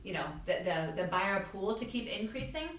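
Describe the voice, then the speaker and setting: A woman's voice: mid-range voice, lively intonation, moderate pace, a bit bright, a little hiss or hum. A woman real estate agent hosting a podcast in casual chat, telling stories and acting out what people said. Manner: chatty storyteller, acts out quotes. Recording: echoey room, mic at a distance.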